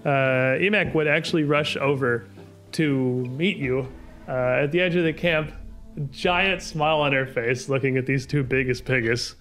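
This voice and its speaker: A man narrating as game master in a tabletop game, chatty and quick to laugh. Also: mid-range voice, faint music behind. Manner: chatty, laughs often, lively delivery.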